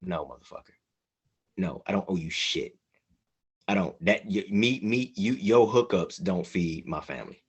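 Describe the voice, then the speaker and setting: A man's voice: deep voice, expressive, normal speed, husky, muffled recording. A man co-hosting a casual group podcast, speaking bluntly and heatedly with heavy profanity. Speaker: podcast co-host.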